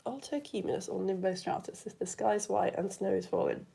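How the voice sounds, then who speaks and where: A woman's voice: mid-range voice, brisk, gravelly, dark tone, husky. A woman teaching a live online science lesson in a chatty, enthusiastic way, asking the viewers questions as she goes.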